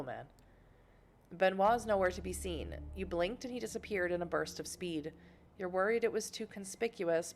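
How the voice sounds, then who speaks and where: A woman streaming a story game, reading its text aloud and breaking off with quick personal asides. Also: lowish voice, slight background noise. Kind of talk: casual game stream narration.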